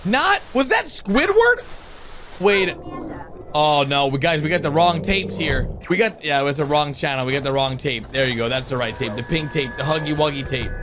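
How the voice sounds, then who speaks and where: A young man hosting an excited reaction commentary on animations, with loud outbursts and laughter. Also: mid-range voice, brisk, background noise. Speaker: YouTube host reacting to animations. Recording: background music under the voice.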